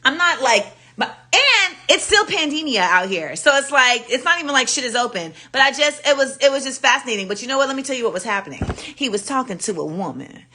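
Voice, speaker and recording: A woman hosting a casual livestream chat, telling stories in an animated way and acting out the exchanges with blunt profanity. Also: high voice, fairly quick, hardly any pauses. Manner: animated storytelling, acts out quoted exchanges with profanity. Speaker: livestream host. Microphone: phone livestream.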